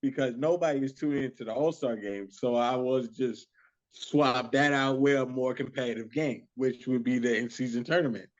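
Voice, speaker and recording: A man on a casual podcast who talks haltingly, repeats himself and insists on his point. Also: medium pitch, dull audio. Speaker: podcast co-host.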